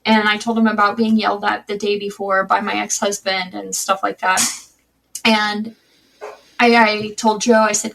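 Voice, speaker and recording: A woman speaks as a guest on a podcast interview, recounting her own story in a candid, conversational way. She often restarts mid-sentence, and her middle-pitched voice sounds a little distant from the microphone. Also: level tone, moderate pace, vocal fry.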